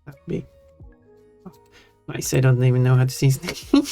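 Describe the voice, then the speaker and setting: A streamer with a Swedish accent and a mellow, medium-pitched voice chats casually at a moderate pace on a live stream, thinking aloud and answering chat. Faint music plays in the background.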